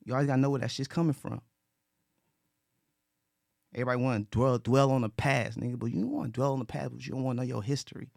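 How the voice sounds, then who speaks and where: A man's voice: mid-range voice, fast, gravelly, long pauses, darkish tone, no echo, clean studio sound. A man talking earnestly in casual conversation, repeating himself and restarting his sentences. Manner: earnest, repetitive, with frequent restarts and profanity. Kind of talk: casual talk.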